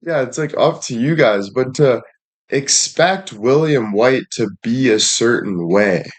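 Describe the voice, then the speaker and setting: A man's voice: mid-range voice, lively intonation, a little slow. A man livestreaming and addressing his chat in a heated rant, frustrated, swearing often and repeating himself.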